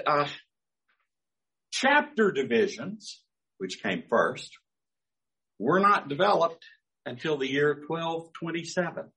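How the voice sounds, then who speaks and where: A man's voice: on the high side, fairly bright tone, poor audio. A man preaching a sermon as pastor, talking conversationally with dry humor.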